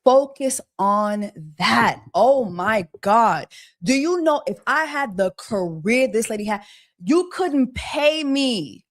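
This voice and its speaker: A woman with a slightly high voice hosts a casual gossip livestream. She talks with exasperation and piles on rhetorical questions. She mocks her subjects with quacking bird jokes. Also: expressive, slow. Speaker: host of a celebrity gossip livestream.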